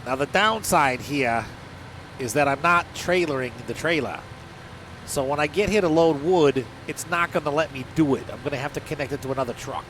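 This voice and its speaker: A man's voice: on the high side, normal speed, a bit bright. A man with a stuffed-up nose from allergies, casually commenting on his gameplay in a rambling, joking, self-deprecating way. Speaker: gaming channel host. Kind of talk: casual let's-play commentary. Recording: game engine and vehicle noise behind.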